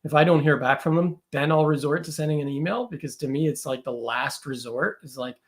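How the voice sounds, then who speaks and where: A man with a higher-set speaking voice talks as a guest on a podcast. He is loose and chatty, often checking in with "right?" and "like." His delivery is easygoing and conversational. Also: fairly quick. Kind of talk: casual conversational interview.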